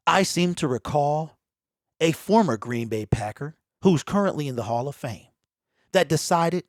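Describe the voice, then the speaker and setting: A man's voice: fairly high pitch, measured pace, no echo, studio quality. A man giving a fired-up, opinionated solo sports commentary, talking straight to his viewers in loose slang, recorded on a desk mic at home. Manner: animated, preachy, talks straight to viewers with slang. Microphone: home desk mic that pops.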